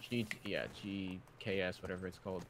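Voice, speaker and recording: A man's voice: low voice, flat delivery, fairly quick, slight background noise. A man playing as a teammate, practically calling out loot and enemy positions. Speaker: teammate in the match. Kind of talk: casual gameplay chat.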